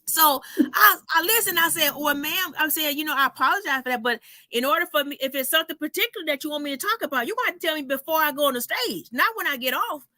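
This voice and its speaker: A woman comedian telling stories in a casual chat, animated and salty, acting out the people in them. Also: high-pitched, fast talker, no room sound. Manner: animated storyteller, acts out voices, swears freely.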